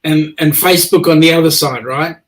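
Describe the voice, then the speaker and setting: A man's voice: on the high side, fairly even intonation, a little fast. A man co-hosting a casual video-call chat with easygoing banter. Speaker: co-host.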